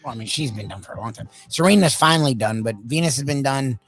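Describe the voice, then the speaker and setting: A man co-hosting a sports radio show, bantering quickly, laughing and swearing casually. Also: medium pitch, a bit bright, faint music behind. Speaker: radio co-host.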